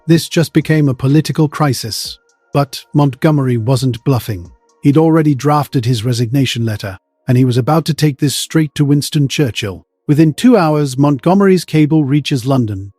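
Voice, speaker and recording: Guy narrating a dramatic history story, mellow tone, faint music behind. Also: mid-range voice, normal speed, husky, dry recording. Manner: dramatic, present-tense narration.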